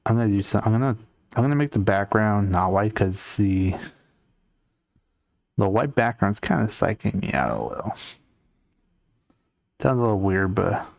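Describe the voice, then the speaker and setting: Gravelly low-voiced man chatting on stream. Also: no room sound. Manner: rambling, chatty, reads chat aloud and answers. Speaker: art streamer. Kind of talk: casual live-stream chat while drawing.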